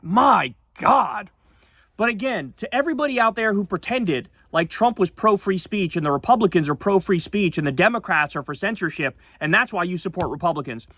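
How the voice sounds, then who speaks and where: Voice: mid-range voice, animated, a bit bright, breathy edge, no room sound. A streamer ranting casually about politics on a livestream, swearing often and sounding indignant. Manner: profane, indignant, fast-talking.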